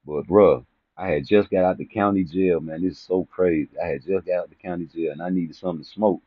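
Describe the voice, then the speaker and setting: Man, deep voice, profane teasing rant, vlog commentary, dry close sound. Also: steady tone, a little fast, dry recording. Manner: rambling, profane, teasing, laughs at own jokes. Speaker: boxing commentary vlogger. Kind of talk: casual comedic rant to camera. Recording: tinny phone-like dry sound.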